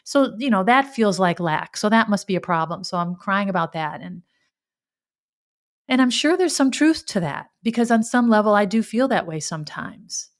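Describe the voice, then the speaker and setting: A woman talks through her own experience on her podcast in a candid, reflective monologue. She thinks aloud, restarting phrases and sometimes speaking to herself in the second person, at an average pitch for a woman. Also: lively intonation, moderate pace. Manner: candid, searching, with frequent restarts and self-talk. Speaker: podcast host.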